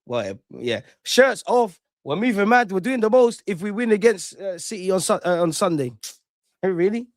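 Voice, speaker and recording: A man rants casually on his own livestream, full of slang. His voice sits high, and he swings between loud outbursts and low mutters. The sound is dry and close, with no room around it. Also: animated, normal speed, dry recording. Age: 30s. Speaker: livestream host.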